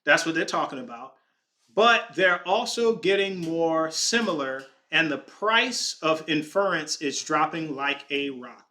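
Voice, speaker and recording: A man's voice: fairly high pitch, animated, a little slow, pushed and bright. A man hosting a casual vlog, thinking aloud as he goes through stock charts on his screen, stumbling over words and joking with his chat. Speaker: podcast host. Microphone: desk microphone.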